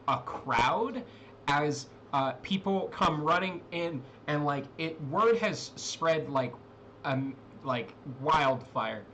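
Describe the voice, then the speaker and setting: A man's voice: fairly high pitch, a bit bright, a little hiss or hum. A man narrating a tabletop role-playing game as game master, rambling with many fillers and restarts.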